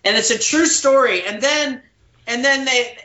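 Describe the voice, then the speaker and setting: Bright-voiced man telling animated stories. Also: very high voice, unhurried, reverberant, highs cut off. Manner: acts out quotes with big voice shifts. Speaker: guest actor. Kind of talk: animated storytelling.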